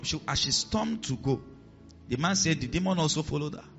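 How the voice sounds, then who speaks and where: A man's voice: a little high, sing-song, a little fast, creaky, a bit bright, highs cut off, soft background music. A man preaching a sermon as pastor, acting out voices in his stories and dropping to a hiss for commands. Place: church hall with a congregation.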